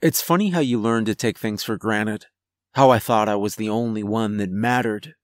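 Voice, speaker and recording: A man narrating a first-person horror story in a measured, somber manner. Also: on the low side, no room sound, studio quality.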